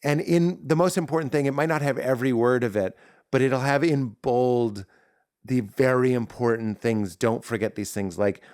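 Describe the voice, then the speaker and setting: A man's voice: mid-range voice, moderate pace, clear, resonant tone, no room sound, studio quality. A man, a comedian guest on a podcast, talking at length in casual chat and acting out his bits in voices. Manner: animated, acts out bits in character voices.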